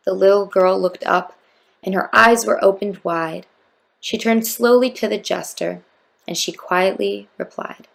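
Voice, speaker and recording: A woman reading a rhyming storybook aloud in a measured, expressive way. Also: mid-range voice, creaky. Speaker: storybook reader.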